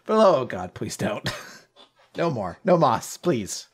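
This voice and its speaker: A man's voice: medium pitch, big pitch swings, slow, breathy edge. A man co-hosting a podcast in a loose, casual chat. He rambles, swears freely and lets his sentences trail off. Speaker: podcast co-host.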